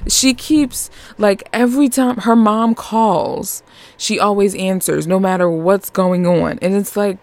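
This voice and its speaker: A woman's voice: medium pitch, steady tone, measured pace, darkish tone, no room sound. A woman hosting a podcast, chatting casually and animatedly as she reviews a movie, laughing often. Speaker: podcast host.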